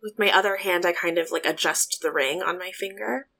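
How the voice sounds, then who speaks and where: A woman's voice: on the low side, brisk, gravelly, bright, forceful tone, low-quality recording. A woman playing a tabletop game, hesitantly describing what her character does. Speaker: player.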